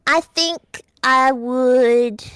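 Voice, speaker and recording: A woman's voice: sits high, drawn-out words, a bit bright, smooth, no echo, studio quality. A young woman from Alberta, Canada, streaming as a VTuber, chatting casually with a giggly, playful manner and often trailing off mid-thought. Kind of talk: casual chat.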